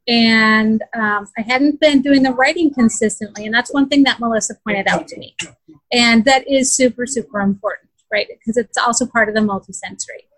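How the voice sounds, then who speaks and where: A woman's voice: on the high side, normal speed, fairly bright tone, poor audio. A woman in a casual interview, earnestly telling how her daughter struggled, with many fillers and restarts. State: close to tears. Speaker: parent describing her daughter's learning.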